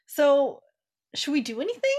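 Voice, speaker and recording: A woman's voice: sits high, very animated, normal speed, a little mellow. A woman playing along in an improvised story game, rambling casually with lots of filler words. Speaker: player.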